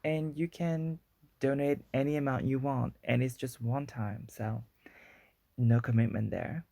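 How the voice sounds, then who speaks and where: A woman's voice: very deep voice, steady tone, measured pace, vocal fry, dark tone, no echo. A woman from Guadeloupe with a Guadeloupean accent, hosting a solo podcast in a chatty, rambling way and joking about being wordy. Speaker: podcast host.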